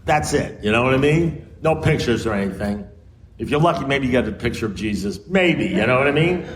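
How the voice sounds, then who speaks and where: An American speaker at a recovery meeting talks briskly as he tells a story, performing both parts of a conversation with dramatic shifts in pitch. The recording comes from a noisy meeting room.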